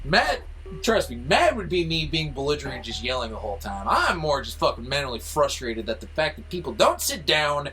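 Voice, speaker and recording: A man's voice: on the high side, very animated, moderate pace, bright, forceful tone, husky, faint music behind, low-quality recording. A young man on a casual podcast, ranting about football in a heated, profane way. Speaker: podcast co-host.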